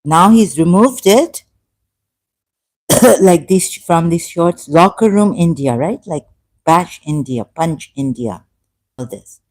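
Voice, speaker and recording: Lowish, mellow woman streamer, halting and indignant. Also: lively intonation. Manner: halting, many fillers, indignant. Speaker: YouTuber. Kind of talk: live-stream commentary reading chat.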